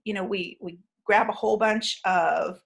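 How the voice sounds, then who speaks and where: A woman teaching an online training session, explaining in a measured way with frequent fillers and restarts. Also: mid-range voice, creaky.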